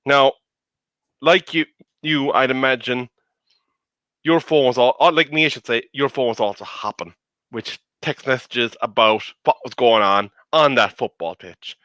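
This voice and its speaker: Man, co-host, measured articulate opinions, bright voice, dry sound. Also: mid-range voice, no echo. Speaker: co-host pundit. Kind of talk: casual football discussion.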